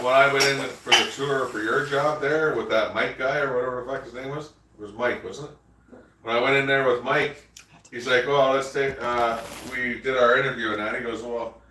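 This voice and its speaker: Rambling man, far and echoey. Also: medium pitch. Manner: rambling, swears freely, storytelling. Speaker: livestream host. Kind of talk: casual chat. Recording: echoey room, far from mic, faint noise.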